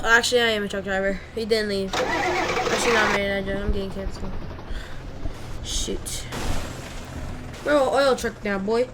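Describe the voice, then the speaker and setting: A woman's voice: medium pitch, very noisy. A young woman giving casual, rambling commentary while playing a driving game, yelping and shrieking at the crashes. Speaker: gamer.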